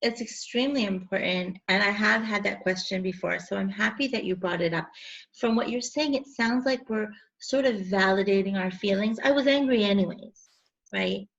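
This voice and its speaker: A woman's voice: mid-range voice, normal speed, a bit bright, muffled recording. A woman hosting a podcast interview, talking in an enthusiastic, casual way and mixing in Hebrew religious words. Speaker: podcast host.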